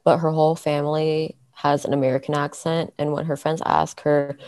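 A woman with a low, deep-set voice co-hosts a laid-back podcast chat. She talks in a teasing, opinionated way, often pausing on fillers, and the sound is dry and close. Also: flat delivery, a little mellow, no room sound. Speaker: podcast co-host. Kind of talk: casual chat among friends.

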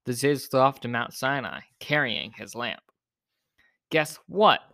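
A man reading a children's picture book aloud in a gentle, expressive way. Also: mid-range voice, moderate pace, creaky, no room sound, studio quality. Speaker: storyteller.

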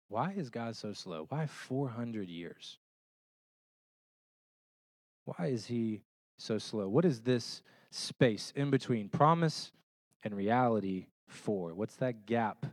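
A man's voice: on the low side, slow pace, no echo. Conversational man preaching a sermon. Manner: conversational, checks in with listeners through rhetorical questions; animated storytelling with homey illustrations. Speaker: pastor.

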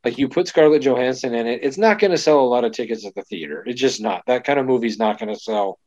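A man's voice: medium pitch, fast, darkish tone, dry recording. A man co-hosting a casual chat, rambling with lots of fillers and restarts. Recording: dull lo-fi dry sound.

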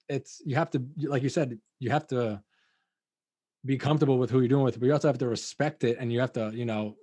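A man's voice: mid-range voice, warm tone, slightly rough, no echo. Casting: man podcast host, rambling and hesitant, dry close sound. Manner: rambling, hesitant, many fillers. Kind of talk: casual chat.

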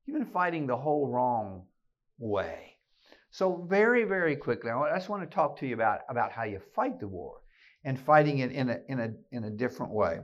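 A man's voice: medium pitch, big pitch swings, fairly quick, dull audio. A man giving a fiery keynote sermon to a room of listeners, emphatic and rallying, often restarting his words. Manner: emphatic, rallying, with many repeated word restarts. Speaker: keynote speaker and podcast host. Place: meeting room with an audience.

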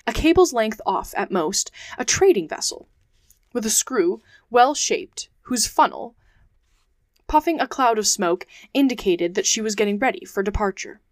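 A woman podcast host narrating a classic adventure novel aloud, reading in measured phrases. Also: on the high side, lively intonation, no echo, studio quality. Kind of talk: audiobook narration.

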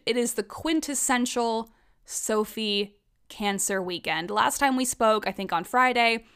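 A young woman hosting an astrology podcast, telling weekend stories in a chatty, animated way with some swearing. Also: mid-range voice, smooth. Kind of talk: casual chat.

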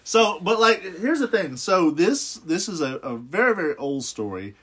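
A man's voice: high voice, sing-song, normal speed, fairly bright tone, breathy edge. A man in casual podcast chat, joking and rambling with many fillers.

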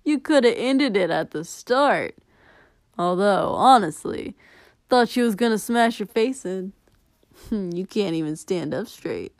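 Girl doing a rowdy teasing guy, loud and laughing, dry close sound. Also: medium pitch, animated, slow pace, no echo. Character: brash shouting young man, teasing.

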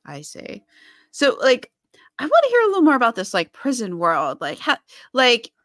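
A woman's voice: fairly high pitch, huge pitch swings, moderate pace, a bit bright, no room sound, clean studio sound. A woman hosting a casual author interview, chatty and loose, full of "like". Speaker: podcast host.

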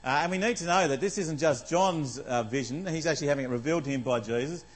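A man's voice: on the high side, fast talker, poor audio. Conversational man preaching. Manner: conversational, asks the congregation questions, many fillers. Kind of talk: sermon.

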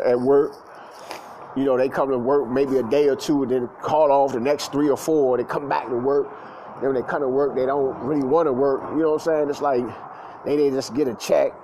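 A man's voice: medium pitch, mellow, slight background noise, low-quality recording. A grown man telling stories in a casual monologue, with loose slangy talk full of fillers and repeats. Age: adult, past school age.

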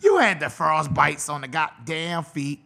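A man's voice: a little high, lively intonation, measured pace, vocal fry, pushed and bright. A man hosting a podcast, delivering a profane, mocking comedic rant. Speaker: podcast host.

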